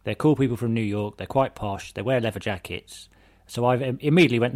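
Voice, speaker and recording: A man's voice: medium pitch, a little fast, dry recording. A man co-hosting a podcast, talking in a reflective, teasing casual chat. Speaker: podcast co-host.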